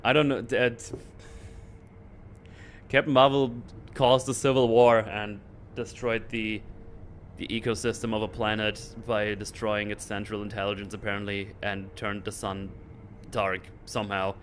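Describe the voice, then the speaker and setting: A man's voice: on the low side, moderate pace, slight background noise. A man hosting his channel, ranting in a casual, sarcastic way with mocking asides. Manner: animated, sarcastic, mocking voices. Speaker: channel host.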